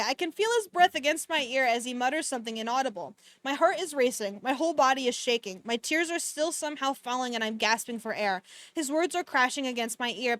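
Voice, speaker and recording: A woman with a fairly high voice reads a novel aloud on her stream, then stops to make sarcastic comments between passages and swears freely. The sound is dry and close, with no room echo. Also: fairly bright tone. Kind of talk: casual book reading with commentary. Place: home streaming setup.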